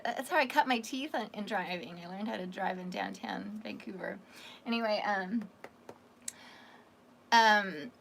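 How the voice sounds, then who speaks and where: A woman from Canada with a slightly raspy voice hosts a casual psychic livestream. She chats warmly with viewers, calling them honey. Her voice sits high and sounds bright and forceful. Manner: chatty and affectionate, calls viewers honey. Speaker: psychic reader hosting a livestream.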